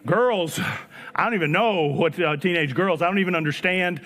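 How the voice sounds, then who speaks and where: High-voiced pastor in a reverberant hall. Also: male voice, normal speed. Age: 40s. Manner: animated, repeats phrases for emphasis, acts out dialogue. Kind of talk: sermon. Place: church sanctuary. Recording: church hall with long reverb.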